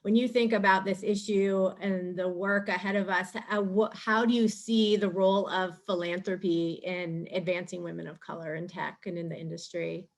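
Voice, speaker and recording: A woman's voice: lowish voice, steady tone, moderate pace, hardly any pauses. A woman moderating a panel discussion, asking questions in a conversational way with fillers.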